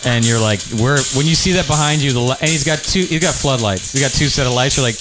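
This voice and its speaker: A man in casual podcast chat, animated, telling a story and swearing freely. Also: mid-range voice, fast talker, over loud music. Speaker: podcast co-host.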